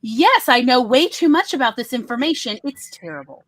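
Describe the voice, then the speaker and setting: A woman hosting a casual panel chat, talking in an animated, digressive way. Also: sits high, normal speed, a little hiss or hum. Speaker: host.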